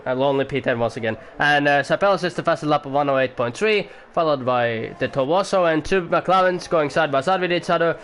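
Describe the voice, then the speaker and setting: A man doing amateur commentary on a sim race at home, excitable at times, swearing now and then, and keeping his voice down for the neighbours. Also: fairly high pitch, a little fast, hardly any pauses, slight background noise. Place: home room.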